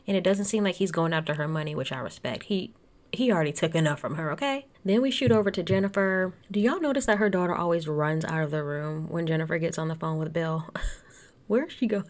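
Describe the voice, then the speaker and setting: A woman's voice: fairly low pitch, fairly quick. Chatty, sarcastic woman recapping TV. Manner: chatty, sarcastic, frequent laughs. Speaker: reality TV recapper. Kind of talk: casual recap chat.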